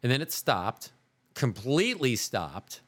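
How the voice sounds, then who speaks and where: A male podcast host telling a story in a casual, animated way, with some swearing. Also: mid-range voice, measured pace. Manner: animated, profane, laid-back.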